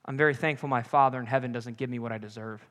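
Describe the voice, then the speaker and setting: A young man preaching a sermon with animated, joking asides. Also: medium pitch, fast. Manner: animated, jokey asides and acted-out quotes. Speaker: pastor. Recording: long hall reverb.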